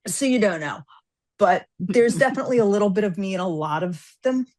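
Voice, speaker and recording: A woman on a podcast telling a story with energy and doing quick voices for the people in it. Her pitch sits in the middle range. She chats casually and sounds at ease. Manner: animated storyteller, acts out characters' lines. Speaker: guest author.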